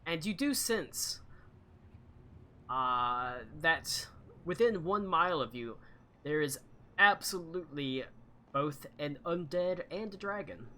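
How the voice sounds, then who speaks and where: A man narrating a tabletop game as game master, slow and halting with many fillers. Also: fairly high pitch, expressive, bright, forceful tone.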